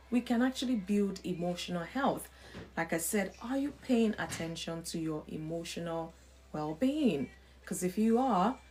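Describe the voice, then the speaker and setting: A woman's voice: on the low side, mellow. Earnest woman teaching on a live stream. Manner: earnest, repeats points and asks rhetorical questions; greets viewers by name mid-talk. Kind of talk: faith-based teaching talk.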